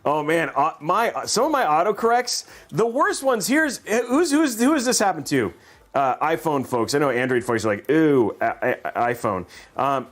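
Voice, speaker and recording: Chatty, animated livestream host, a man. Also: a little high. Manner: rambling, joking, laughs often. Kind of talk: casual livestream chat.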